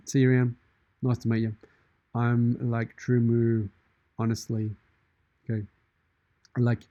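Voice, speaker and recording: An Australian man hosting a live stream in a shark persona, chatting casually and deadpan while reading out viewer comments from his studio. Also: medium pitch, no room sound, muffled recording. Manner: jokey, deadpan, in-character banter. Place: studio with green screen.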